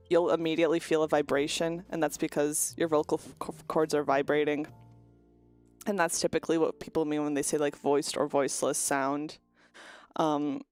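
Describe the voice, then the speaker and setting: Chatty, swearing woman explaining pronunciation. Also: low-pitched. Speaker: virtual streamer. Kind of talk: casual chat stream about linguistics.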